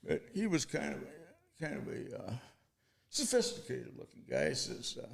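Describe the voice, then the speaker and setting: Older man, 70s, gravelly and bright, animated storyteller who acts out dialogue. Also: fairly high pitch, moderate pace. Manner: rambling anecdotes, quotes others in dialogue. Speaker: guest, storytelling father. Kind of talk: casual storytelling.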